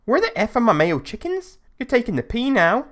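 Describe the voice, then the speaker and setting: A man voicing a rude, hungover young male customer who shouts aggressively. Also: very high-pitched, wildly swooping pitch, brisk, voice pushed up, heavily acted. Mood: angry shouting.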